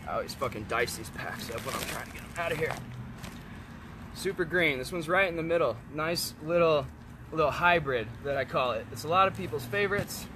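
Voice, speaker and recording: A man in a casual, blunt rant to camera, swearing often and turning loud when heated. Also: a little high, expressive, a little fast, noisy background. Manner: profane, blunt, frequent swearing. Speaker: vlogger selling kratom.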